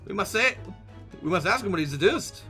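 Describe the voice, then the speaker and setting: A man's voice: high voice, expressive, brisk, pushed and bright, faint music behind, full character voice. A man doing a polite young woman, put-on British. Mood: eager.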